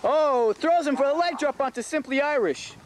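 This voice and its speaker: A man giving excited play-by-play commentary on a backyard wrestling match, gasping "oh" at every move. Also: very high voice, normal speed, crowd noise. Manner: excitable, frequent gasps of "oh". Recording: noisy outdoor camcorder audio.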